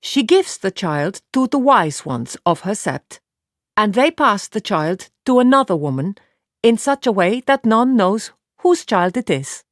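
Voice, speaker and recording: A woman's voice: medium pitch, lively intonation, dry recording, clean studio sound, pitched above the performer's own voice, natural voice. A woman reading an audiobook, voicing a blunt, matter-of-fact young warrior woman in a raised voice. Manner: plain, measured, matter-of-fact.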